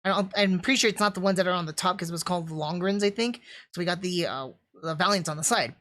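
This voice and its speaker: A woman's voice: fairly low pitch, fast, fairly bright tone. A woman reviewing anime on a live stream, enthusiastic and rambling, full of fillers and restarts. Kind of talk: casual livestream review.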